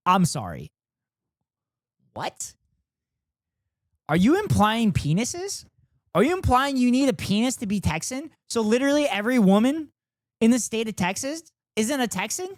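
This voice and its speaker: A woman's voice: fairly high pitch, very animated, normal speed, long pauses, dry recording, studio quality. A woman streamer reacting to a video in casual commentary, incredulous and profane.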